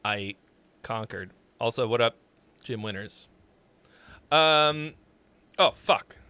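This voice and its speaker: Male streamer, lively bright voice, rambling and jokey, close dry mic. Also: mid-range voice, slow pace, clean tone, no room sound. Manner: rambling, jokey, with sudden loud shouts. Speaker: livestream host reviewing songs. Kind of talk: casual livestream chat.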